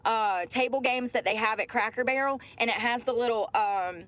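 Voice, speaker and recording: A woman's voice: a little high, normal speed, a bit bright, no echo. A woman telling a personal story casually to her livestream viewers, calling them y'all. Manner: chatty, addresses viewers as y'all.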